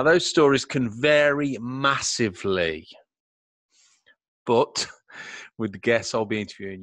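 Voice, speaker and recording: A man's voice: mid-range voice, a bit bright, dry recording. A middle-aged man hosting a podcast in casual chat, laughing easily and swearing now and then. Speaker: podcast host. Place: home room called a man cave.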